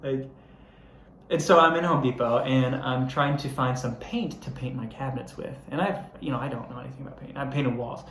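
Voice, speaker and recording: A man's voice: mid-range voice, brisk, a bit bright, reverberant, slight background noise. Young man preaching with easy humor. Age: young adult. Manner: conversational, self-deprecating storytelling building to earnest preaching. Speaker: young adults pastor. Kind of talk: sermon. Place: church hall.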